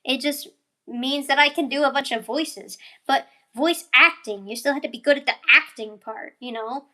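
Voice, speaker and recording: High, bright rambling young woman. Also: normal speed. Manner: rambling, full of fillers and tangents, yawning. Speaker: animator and voice actor. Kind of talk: rambling casual vlog chat.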